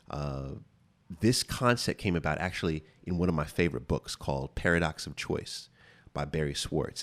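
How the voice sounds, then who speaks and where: A man with a very low voice hosts an advice podcast from a studio. He talks casually but with emphasis and circles back to repeat his main points. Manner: emphatic, repeats key phrases for stress. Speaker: podcast host.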